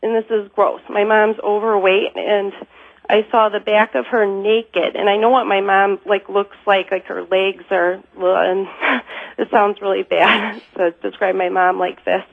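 A woman's voice: mid-range voice, level tone, unhurried, vocal fry, no echo. A woman caller on a phone-in show, telling a personal story in a rambling way, full of fillers and nervous laughs. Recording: tinny phone line.

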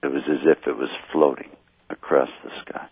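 Male caller, slightly drunk, very deep gravelly voice, husky, rambling, dry tinny phone sound. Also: fairly even intonation, dry recording. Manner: rambling, halting storytelling. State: a little drunk. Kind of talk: call-in radio chat.

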